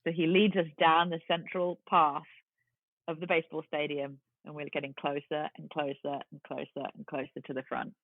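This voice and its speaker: A woman in her forties with an English accent, a guest telling a lively story and acting out the voices of the people in it. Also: low-pitched, moderate pace, no room sound. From London. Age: 40s. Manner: lively, acts out quoted voices. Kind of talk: storytelling in a casual chat. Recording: tinny phone-like line, dry.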